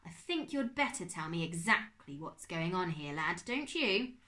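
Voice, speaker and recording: A woman voicing a storybook character becomes a fussy, excitable middle-aged uncle who is quick to exclaim. The fairly low voice sounds stern and spluttering, lurching high and low as he frets and lectures.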